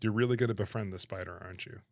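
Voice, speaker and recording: A man chatting on his livestream, animated and laughing, protesting in exaggerated disbelief. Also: on the low side, rapid-fire, gravelly, no room sound. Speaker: streamer reacting to chat. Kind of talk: casual livestream chat.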